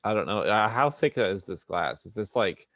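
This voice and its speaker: A man's voice: fairly low pitch, expressive, moderate pace, fairly bright tone, no echo, clean studio sound. A man playing a tabletop game, thinking aloud and asking questions about the scene. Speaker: player. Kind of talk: tabletop role-play.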